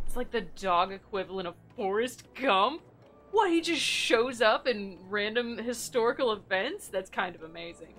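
A woman's voice: medium pitch, animated, moderate pace, a bit bright, slight background noise. A young woman streaming a game, chatting casually with viewers, giggly and thinking aloud. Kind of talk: casual gameplay chat.

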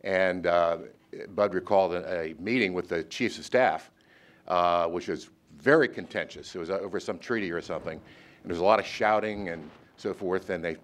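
An older man, a former naval officer hosting the event, telling a story with many pauses and filler sounds. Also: low-pitched. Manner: halting, lots of uhs. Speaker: event host. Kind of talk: closing remarks and anecdote.

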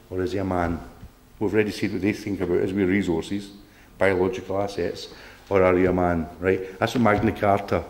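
A campaign speaker gives a combative public talk to a local group in a meeting room, blunt and swearing, often asking "right?". His voice is lowish with a darkish tone.

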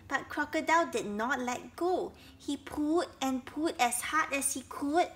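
A woman's voice: high-pitched, a bit bright. A woman reading a children's story aloud, stopping often to explain it simply for young listeners. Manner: slow, explains each step for young listeners.

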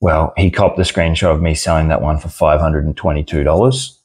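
A man's voice: extremely low pitch, steady tone, fairly quick, breathy edge. A young Australian man ranting casually about an online argument, blunt and sweary. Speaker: card seller and channel host.

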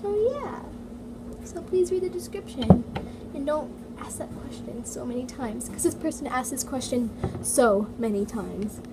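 A woman's voice: sits high, animated, a little slow. A female toy vlogger chatting casually in her basement, full of "like" and "so yeah" fillers. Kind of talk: casual chat reading comments. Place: home basement. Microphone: iPad mini. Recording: noisy home recording, heater hum. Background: heater running.

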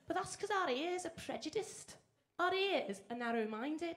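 A woman's voice: extremely high pitch, lively intonation, unhurried, fairly bright tone. A woman performing spoken-word poetry live on stage, with a rhythmic, rhyming delivery and playful asides. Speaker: performance poet. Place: live stage before an audience.

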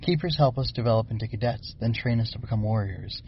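A man's voice: fairly low pitch, fast talker, lo-fi sound, a little hiss or hum, natural voice. A man voicing an eager, argumentative young bug girl. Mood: insistent. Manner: pushy, insistent questioning.

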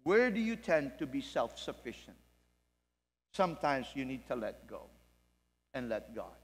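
A man's voice: medium pitch, big pitch swings, a little slow, slightly rough, soft background music. A male pastor preaching a sermon in an earnest, emphatic way and putting questions to his congregation, heard in a church hall. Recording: long reverb in a church hall.

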